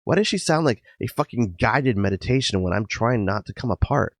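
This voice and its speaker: A man hosting a podcast, narrating a personal story in a dramatic first-person style, intense and emotional with sudden loud outbursts. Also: mid-range voice, animated, a little fast, no room sound. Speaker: podcast host. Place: garage.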